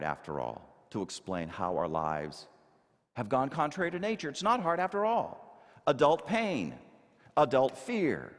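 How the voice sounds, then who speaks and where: A man preaching a sermon, his pitch rising and falling in a lively, emphatic way as he asks the congregation rhetorical questions. His voice rings out with a long reverb from the church hall. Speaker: minister. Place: church sanctuary.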